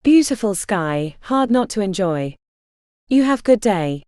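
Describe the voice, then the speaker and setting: A woman's voice: medium pitch, big pitch swings, measured pace, darkish tone, no echo, studio quality. A woman voicing a cheerful young male student who speaks with a thick, unplaced accent and simple, broken phrasing.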